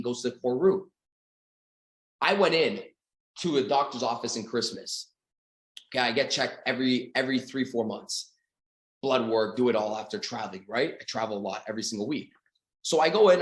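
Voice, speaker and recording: Fired-up Canadian sales coach. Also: male voice, mid-range voice, brisk, echoey room. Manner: animated storytelling, acts out dialogues, swears casually. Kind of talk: motivational talk to an online audience.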